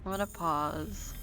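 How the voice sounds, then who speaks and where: Chatty woman streamer, low-voiced. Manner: chatty, excitable, quick reactions and self-talk; playfully grumbling, swears often. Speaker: game streamer. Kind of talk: casual live-stream gameplay commentary.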